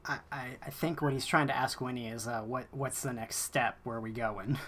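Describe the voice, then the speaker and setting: A player in a tabletop game on a voice call, halting and stammering before making a point. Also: medium pitch, fairly even intonation, crowd noise. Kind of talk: casual tabletop game play. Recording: noisy online call recording.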